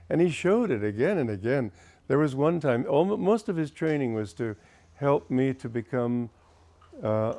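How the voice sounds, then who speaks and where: A man's voice: mid-range voice, warm tone. An older man, a spiritual teacher, telling wry anecdotes from his past to an audience and laughing at his own stories. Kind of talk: reminiscing talk to an audience.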